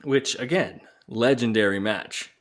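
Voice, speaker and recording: A podcast co-host with a medium-pitched, fairly bright voice talks about wrestling matches at an unhurried pace. He jokes and swears casually and quotes wrestlers using put-on voices.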